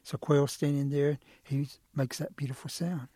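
A man telling a folk tale as a storyteller, relaxed and lively with fillers. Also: fairly high pitch, moderate pace, a little hiss or hum.

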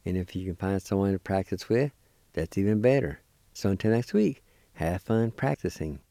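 A man giving a weekly language lesson, deliberately spelling out and pronouncing words syllable by syllable. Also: sits low, dark tone, no room sound. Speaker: language teacher.

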